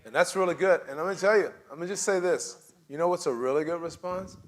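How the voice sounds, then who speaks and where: A man leading a church group discussion, animated and often laughing, acting out sample replies. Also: fairly high pitch, fast. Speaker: church class leader.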